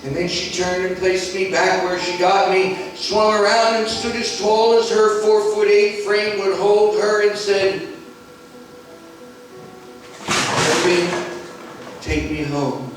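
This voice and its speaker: A man in his sixties from Philadelphia, telling a personal testimony with deliberate, dramatic pauses. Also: high-pitched, flat delivery. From Philadelphia, USA. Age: 60s. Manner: deliberate, dramatic pauses, acts out quoted voices. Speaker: gospel singer and speaker. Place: large stone church. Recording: echoey church from far off, faint music.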